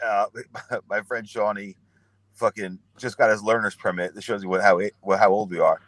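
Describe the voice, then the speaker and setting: A young podcast guest spins rambling, profane stories, acting out what people said, in a lowish, slightly bright voice. His intonation is fairly even and his speed normal, with no echo on the casual recording.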